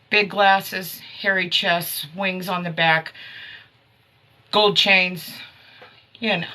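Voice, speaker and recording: Give me a chatty woman with a low voice and an unhurried pace, hosting a herbal live stream. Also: bright, forceful tone. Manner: chatty, laughs often, talks to viewers. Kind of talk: casual live-stream chat.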